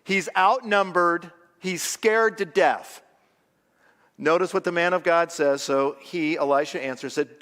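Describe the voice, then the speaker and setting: A male pastor preaching a sermon, telling the story with animated energy and acting out the scenes. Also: a little high, moderate pace, long reverb tail. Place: church auditorium.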